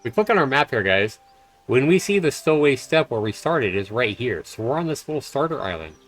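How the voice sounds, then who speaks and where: A man's voice: mid-range voice, big pitch swings, brisk, fairly bright tone. A man doing casual live commentary while playing a game, chatty and loose with fillers. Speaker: game streamer. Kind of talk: live let's-play commentary.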